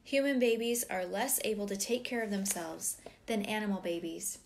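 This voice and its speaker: A middle-aged woman reading a parenting book aloud, breaking off now and then for animated personal asides. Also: medium pitch, moderate pace, creaky, slight background noise.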